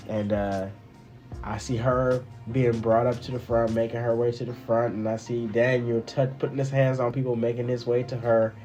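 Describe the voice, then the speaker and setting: Man telling a testimony, repeating words. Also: medium pitch. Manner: animated, repeats words, many fillers. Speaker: husband sharing a testimony. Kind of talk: casual testimony storytelling.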